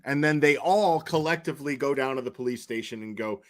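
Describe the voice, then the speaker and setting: A man's voice: a little high, lively intonation, brisk, few pauses. A man hosting a commentary channel, talking casually and profanely, rambling and answering his chat.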